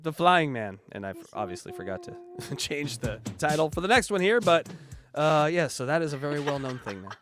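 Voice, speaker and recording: Lively mocking male podcast co-host. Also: fairly high pitch, fairly quick, soft background music. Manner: laughing, mocking, animated. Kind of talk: comedic podcast commentary.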